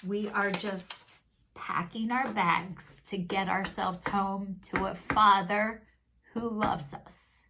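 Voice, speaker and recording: Slow, earnest woman giving a spiritual card reading. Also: medium pitch, bright, forceful tone, a little hiss or hum. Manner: slow, earnest and consoling, with many pauses. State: tearful. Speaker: tarot and oracle card reader.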